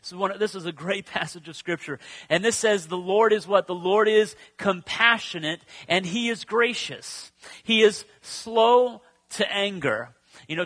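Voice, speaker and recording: A male pastor with a high, bright voice delivers a sermon. He stretches his key words out slowly and moves from ringing declarations down to soft, almost whispered passages. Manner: swings from loud declarations to hushed near-whispers; slow, drawn-out emphasis on key words.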